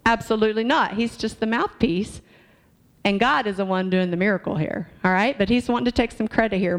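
A woman's voice: a little high, fairly quick. A woman preaching a sermon in a church, talking conversationally and asking the congregation questions.

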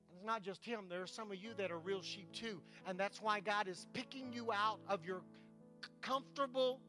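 Pastor guy preaching, punchy and repetitive, bright sharp voice. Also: high-pitched. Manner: emphatic, repetitive preaching to a congregation. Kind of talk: sermon.

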